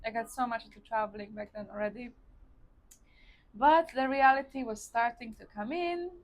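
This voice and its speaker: A woman's voice: a little high, normal speed. A woman from Poland with a Polish accent, telling her personal story to viewers in a casual, chatty way while eating on camera. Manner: chatty, addresses viewers as guys, frequent likes. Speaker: vlogger. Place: indoors, seated eating on camera.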